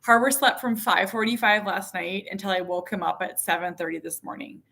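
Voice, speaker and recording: Bright-voiced chatty mom in her thirties. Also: medium pitch, fairly even intonation, fairly quick, creaky. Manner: frank, chatty and self-mocking, with laughs and fillers. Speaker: mother and vlogger. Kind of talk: casual candid chat to camera.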